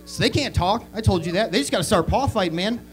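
A man doing crude, animated stand-up comedy on a club stage, acting out bits as he goes. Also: high-pitched, quick pace. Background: audience laughter.

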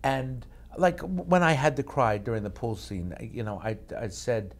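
Halting man in an interview. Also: mid-range voice. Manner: halting, repeats and restarts words. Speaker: actor interviewed as a guest. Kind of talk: casual interview talk.

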